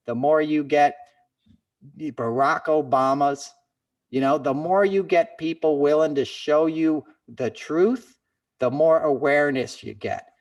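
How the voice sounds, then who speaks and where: A man hosts a podcast in relaxed conversation, speaking with heartfelt conviction and rallying his co-host like a friend giving a pep talk. He sits a little back from the microphone, so his voice comes across slightly distant. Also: on the high side, lo-fi sound. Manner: earnest, impassioned pep talk, calls listener "man" and "brother". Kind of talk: casual chat.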